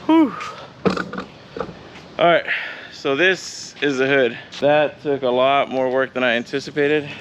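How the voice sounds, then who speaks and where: A man's voice: medium pitch, fairly even intonation, moderate pace, over music. A man casually narrating a car vlog, chatting straight to his viewers, a bit out of breath from hot work outside. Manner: casual, chatty, addresses viewers as "you guys". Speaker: car vlogger. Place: outdoors on a driveway, hot day.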